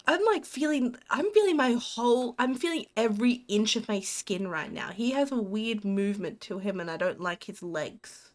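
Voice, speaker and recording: An Australian woman streaming a horror game live. Her voice sits a little high, and she jumps between squeals, giggles and muttered asides to herself. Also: expressive, moderate pace, hardly any pauses. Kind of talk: live gameplay commentary.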